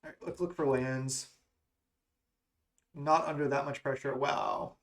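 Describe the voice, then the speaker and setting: A man's voice: medium pitch, fairly even intonation, measured pace, vocal fry. A man talking through his moves as he plays an online card game, musing and questioning himself as he goes. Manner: musing, self-questioning strategy talk. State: has the hiccups. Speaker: gaming content creator. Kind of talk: thinking aloud during card game play.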